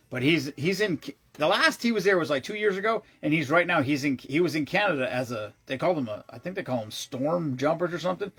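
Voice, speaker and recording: A man tells a long, wandering story for his vlog, casual and excitable, cursing freely and often starting his sentences over. His voice sits on the high side with a breathy edge.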